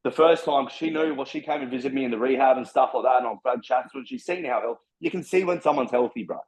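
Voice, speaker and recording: Fast-talking, blunt Australian man. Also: medium pitch, darkish tone. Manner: blunt, heavy swearing, fast and driven. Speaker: personal trainer guest. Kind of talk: casual podcast storytelling. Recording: slightly dull lo-fi sound.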